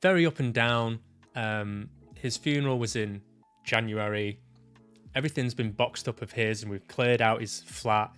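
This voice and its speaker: A man vlogging about his own experience, reflective and halting, often restarting his sentences and swearing casually. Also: medium pitch, a bit bright, smooth, soft background music. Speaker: vlogger sharing personal experience. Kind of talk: reflective personal vlog monologue.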